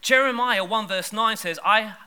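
Bright high-voiced preacher. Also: male voice, moderate pace, clear, resonant tone. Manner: lively, conversational preaching with bursts of emphasis. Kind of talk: sermon. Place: church service.

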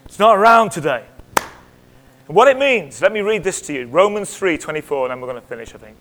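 A middle-aged male pastor preaching in church, swinging between loud exclamations and hushed whispers and asking the congregation questions. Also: high voice, expressive, fast, slight background noise. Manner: conversational, asks the congregation questions. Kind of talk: sermon.

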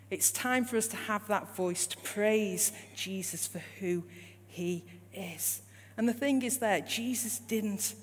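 A woman preaching a sermon in a church, repeating her points and asking the congregation rising questions. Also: medium pitch. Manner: rising rhetorical questions, emphatic repetition. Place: church hall. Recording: long hall reverb with faint hum.

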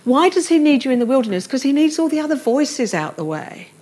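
A woman's voice: high-pitched, very animated, brisk, a little mellow. A middle-aged woman preaching a sermon, earnest and tender as she reads and explains scripture.

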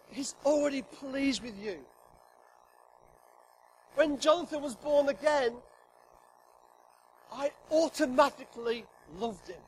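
High-voiced preacher, humorous and emphatic. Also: male voice, a little hiss or hum, poor audio. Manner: humorous, emphatic, acts out God's voice. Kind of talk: sermon. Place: church hall with congregation.

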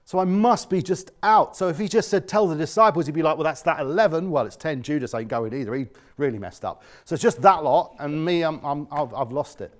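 A male pastor giving an earnest sermon, dropping to quiet tones and rising loud, often acting out the voices he quotes. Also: fairly high pitch, a little fast, hardly any pauses.

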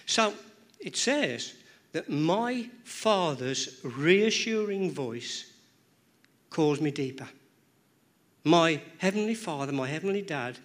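A male preacher delivering a sermon in a church, his voice sitting a touch higher than most men's. He talks in rhythmic, emphatic runs, circling back over words and phrases to drive each point home.

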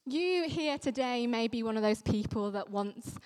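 A woman's voice: on the high side, lively intonation, normal speed, a little mellow. Woman preaching in an echoing hall. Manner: earnest, emphatic preaching. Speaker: vicar. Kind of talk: sermon. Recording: long reverberant hall sound.

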